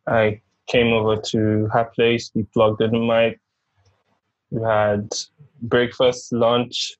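A man's voice: medium pitch, monotone, takes it slowly, no room sound. A man guest on a podcast, explaining at length in a friendly casual chat. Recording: dull, dry sound.

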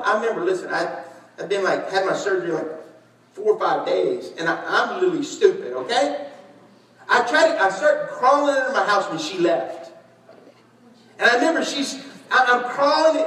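A man preaching a sermon, telling stories animatedly, shouting and laughing as he acts out conversations. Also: sits high, expressive, moderate pace. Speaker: pastor. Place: large church hall. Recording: echoey church hall, distant mic.

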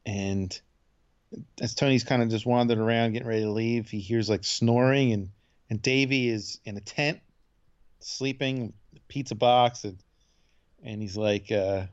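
A man's voice: lowish voice, clean tone. Laid-back man recapping an episode, lo-fi sound. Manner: loose, laid-back storytelling with quick impressions of characters. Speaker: podcast co-host. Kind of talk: casual chat recapping a TV episode.

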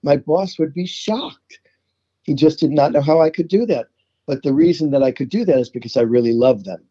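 Older man, New York accent, chatty storyteller, very dark tone, slightly muffled sound. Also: fairly high pitch, fairly quick, husky. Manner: chatty storyteller, repeats words when starting. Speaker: songwriter guest. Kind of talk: interview conversation.

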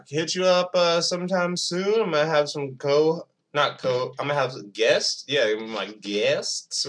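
A man hosting his own podcast alone, rambling from one thing to the next. He swears freely and mocks himself. He talks slowly at a mid pitch. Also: a bit bright. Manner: profane, rambling, self-mocking. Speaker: podcast host. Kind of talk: rambling casual monologue.

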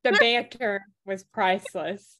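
A woman co-hosting a podcast, chatting casually and recounting scenes in a relaxed way. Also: medium pitch, slow pace. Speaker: podcast co-host. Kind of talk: casual chat.

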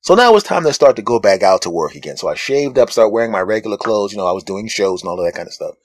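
A man's voice: very fast, no room sound. A man hosting a podcast, telling a comic story about being judged and acting out the people in it. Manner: animated, acts out other people in high mocking voices. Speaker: podcast host. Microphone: phone.

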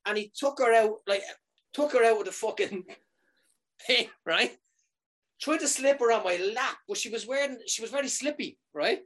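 Animated man telling a comic story. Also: extremely high pitch, normal speed. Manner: animated, keeps asking "right?", swears freely.

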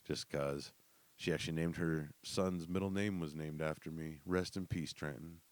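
Young man with a deep voice, loose and profane, a laughing storyteller. Close, dry recording. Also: steady tone, moderate pace, no room sound. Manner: loose, profane, laughs through his stories. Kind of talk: casual storytelling.

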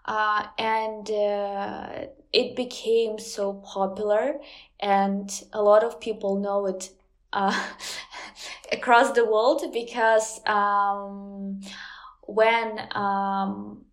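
Ukrainian woman talking slow in an interview, lots of ums and uhs, mid-pitched. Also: little pitch movement. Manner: hesitant, many ums and uhs. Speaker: guest, language teacher. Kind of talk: casual interview chat.

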